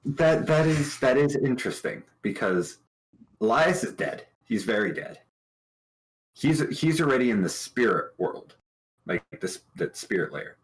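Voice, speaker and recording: A man talking casually about his tabletop game character, thoughtful and halting, with many restarts. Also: medium pitch, big pitch swings, slight background noise, low-quality recording. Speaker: tabletop game player on a talk show.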